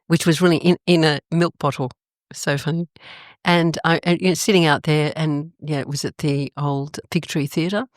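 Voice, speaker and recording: An older Australian woman telling stories in a casual interview, animated and expressive, her pitch jumping up suddenly. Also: no echo, clean studio sound. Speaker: guest.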